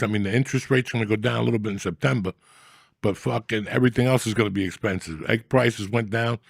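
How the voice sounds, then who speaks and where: A man with a low, gravelly, husky voice holds forth as a comedy podcast host. He rambles from one profane story to the next in loose, crude banter. The sound is close and dry, with no room behind him. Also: dry recording.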